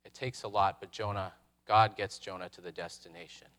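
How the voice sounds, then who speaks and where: A man preaching a sermon, reflective, posing rhetorical questions with dramatic pauses. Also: on the low side, little pitch movement, fairly bright tone. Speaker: pastor.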